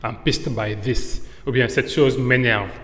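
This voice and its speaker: A man teaching slang in a casual lesson, switching between French and English and acting out example phrases with drawn-out words. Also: mid-range voice, fairly even intonation, fairly bright tone. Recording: echoey room with long reverb.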